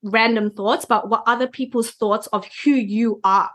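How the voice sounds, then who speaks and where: A guest Human Design reader explains concepts in a conversational chat, often checking in with "right?". She has a fairly high, slightly bright voice with fairly even intonation and speaks at a moderate pace.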